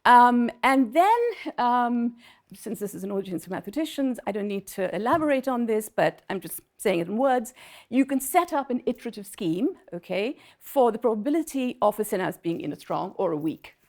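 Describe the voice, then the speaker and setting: Casting note: woman academic speaker, slightly high voice, rambling conversational lecture, often breaks off mid-sentence. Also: expressive, moderate pace, darkish tone. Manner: conversational, many fillers and self-interruptions, checks in with "okay?" and "yeah?". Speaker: visiting professor giving a conference talk.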